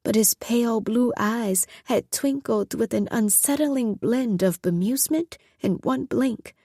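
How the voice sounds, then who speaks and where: A woman narrating a story in a measured, scripted audiobook reading. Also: fairly high pitch, mellow, dry recording, studio quality.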